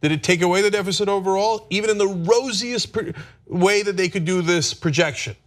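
A man hosting a political talk show, speaking emphatically and growing animated as he makes his points. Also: high-pitched, fairly quick. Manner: emphatic, animated, rising to near-shouting emphasis. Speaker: political commentary host.

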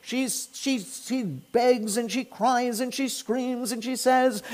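Guy with a high voice teaching scripture, keeps throwing questions at the class, acts out the characters. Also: slow pace, few pauses. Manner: animated, fires rhetorical questions at listeners. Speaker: Torah teacher. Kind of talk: lecture on the Book of Esther to a live class.

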